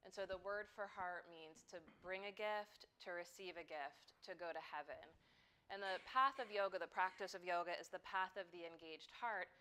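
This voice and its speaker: A woman's voice: lowish voice, moderate pace, a little hiss or hum. A middle-aged woman leading a yoga class in an easygoing, conversational way, speaking to the students in the studio. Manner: relaxed and conversational, with frequent "um" and "like". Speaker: yoga teacher. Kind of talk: casual talk to a yoga class.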